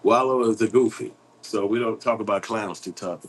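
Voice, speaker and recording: A man's voice: fairly low pitch, moderate pace, husky, rough recording. A man hosting an online commentary show, talking in a blunt, profane, rambling street style while reading and answering chat.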